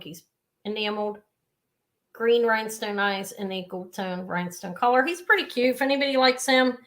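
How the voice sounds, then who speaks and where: A woman's voice: medium pitch, pushed and bright. A woman hosting a live jewelry sale, chatting casually and rambling off into side stories as she shows each piece. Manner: chatty, rambling, with frequent asides. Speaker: host selling jewelry live. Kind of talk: live sales stream chat.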